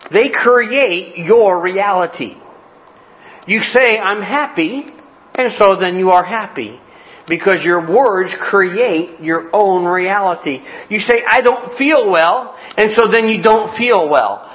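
A man with a high voice preaches a homespun sermon and mixes jokes with scripture. His phrases come back again and again. The recording sounds dull and lo-fi. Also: slow. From Cleveland, Ohio. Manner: folksy, joking preacher with repeated phrases. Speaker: pastor.

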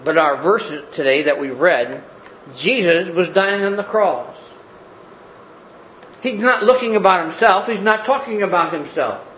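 Older pastor guy preaching, high voice, echoey church, kinda dull sound. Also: expressive, unhurried, slight background noise. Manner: earnest storytelling preacher, vivid retellings. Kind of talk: sermon. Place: church sanctuary.

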